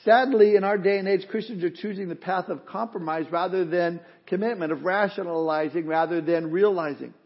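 A man's voice: high-pitched, brisk, hardly any pauses, lo-fi sound. A man preaching a sermon in a conversational way, acting out the excuses people make. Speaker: pastor.

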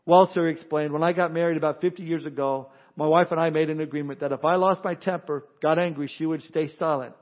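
A man's voice: a little high, fairly even intonation, fast, hardly any pauses, dull audio. A man preaching a sermon, earnest, telling jokes and stories along the way. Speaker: pastor.

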